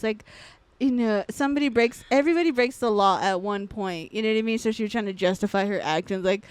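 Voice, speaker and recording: A young woman co-hosting a podcast, chatting casually, crude and loud with lots of laughter. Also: a little high, fairly quick, clean tone, no room sound. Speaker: podcast co-host. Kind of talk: casual chat.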